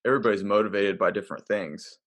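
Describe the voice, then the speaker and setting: A man hosting a podcast, talking in a relaxed, conversational way and asking his guest questions. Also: lowish voice, fast talker. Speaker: podcast host. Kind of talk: casual interview chat.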